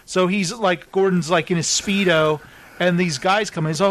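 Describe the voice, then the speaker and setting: A man hosting a casual chat show, recapping TV episodes with animated storytelling and acted-out quotes. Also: sits high, moderate pace, slight background noise. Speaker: podcast host.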